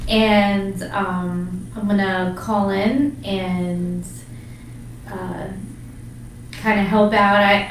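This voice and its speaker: A woman co-hosting a casual radio show, chatty and jokey, laughing often. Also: mid-range voice. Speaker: podcast co-host. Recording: echoey room, mic at a distance, faint noise.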